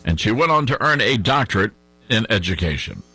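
Male talk-show host: lively, forceful delivery with a slightly husky edge, reading headlines aloud and pressing a co-host with questions. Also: fairly low pitch, a little fast.

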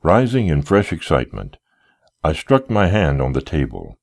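A man reading a first-person literary story aloud with expressive storytelling. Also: a bass voice, normal speed, gravelly. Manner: expressive storytelling, wide melodic swings. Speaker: audiobook narrator.

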